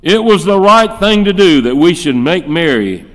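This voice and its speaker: A man's voice: sits high, very animated, normal speed. A man preaching a sermon, driving his points home with rhetorical questions and acting out the voices he quotes. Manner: emphatic, fires off rhetorical questions; acts out quoted speech in shifting voices. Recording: long reverb in a large hall.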